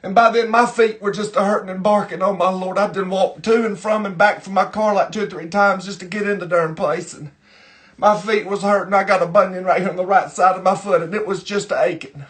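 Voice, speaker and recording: A man's voice: high voice, fairly even intonation, a little fast, a bit bright. A man playing a chatty, easily irritated middle-aged Southern woman with a Southern US accent, who rambles on in a folksy drawl. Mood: folksy griping. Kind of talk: character monologue to camera.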